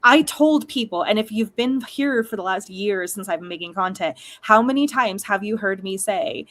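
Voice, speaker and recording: A young adult woman hosting a casual chat, talking in quick, chatty runs with frequent laughs and asides. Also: medium pitch, a bit bright. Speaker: host.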